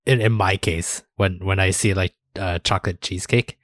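A man co-hosting a podcast, chatting casually with joking quick asides. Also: low-pitched, fairly even intonation, fairly bright tone, no room sound, studio quality. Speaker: podcast co-host. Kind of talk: casual chat.

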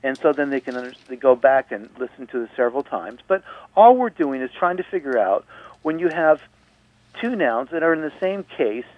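A man's voice: medium pitch, animated, brisk, no room sound. A male radio host patiently explaining grammar point by point, repeating himself to make sure listeners follow. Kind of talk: radio teaching talk. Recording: dry, phone-like radio audio.

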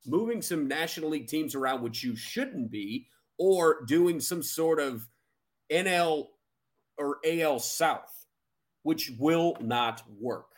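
A man's voice: fairly high pitch, animated, takes it slowly. A man co-hosting a baseball podcast, giving emphatic, opinionated takes in casual chat. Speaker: podcast co-host.

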